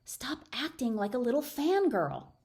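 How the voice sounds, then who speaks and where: A woman's voice: high voice, very animated, unhurried, darkish tone, voice pushed up, heavily acted. Practical young woman, flustered, exasperated, a woman voicing her.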